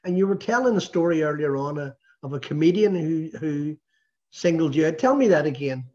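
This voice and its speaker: A man's voice: on the high side, lively intonation, fairly quick, a little mellow. A man hosting an interview, asking rambling questions and teasing his guest. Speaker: interview host. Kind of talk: casual interview chat. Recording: dull lo-fi recording.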